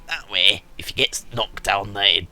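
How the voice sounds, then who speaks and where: A man's voice: fairly low pitch, unhurried, pushed and bright, faint music behind, full character voice. A man voicing a scheming middle-aged town merchant in a put-on Scottish accent, spinning a long, wordy, conspiratorial tale. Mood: conspiring.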